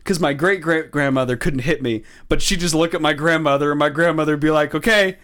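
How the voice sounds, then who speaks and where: A man's voice: fairly high pitch, quick pace, fairly bright tone, smooth. A man from New England co-hosting a casual podcast, blunt and swearing freely while telling family stories. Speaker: podcast co-host. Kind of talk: casual chat.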